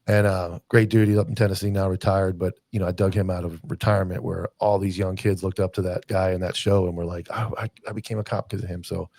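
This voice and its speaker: Deep, fast-talking podcast host, man. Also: level tone, darkish tone, no room sound. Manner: rapid talker with frequent agreeing "yeah"s. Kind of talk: casual podcast conversation.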